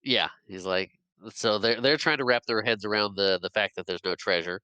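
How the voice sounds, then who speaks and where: Bright, smooth-voiced man recapping a film. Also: lowish voice, normal speed, no room sound, muffled recording. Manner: rambling, giggly retelling with many restarts. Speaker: podcast co-host.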